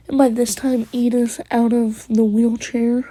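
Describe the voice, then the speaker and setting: A woman's voice: a little high, fairly even intonation, moderate pace, mellow. A woman casually retelling a fan story, rambling and quoting characters, often slipping into a whisper.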